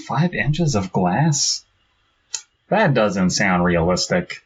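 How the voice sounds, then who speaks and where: A man's voice: lowish voice, sing-song, takes it slowly. A man co-hosting a horror podcast, joking around and slipping into silly accents while reading a story aloud. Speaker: podcast co-host. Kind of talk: casual comedic chat and story reading. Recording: dull lo-fi podcast mic with faint noise.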